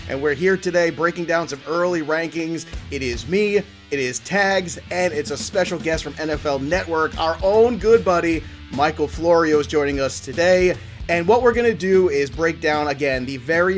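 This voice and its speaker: A man hosting a fantasy football talk show, joking and enthusiastic, with a rambling, playful manner. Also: a little high. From Italian-American family. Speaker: podcast host. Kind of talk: upbeat sports talk.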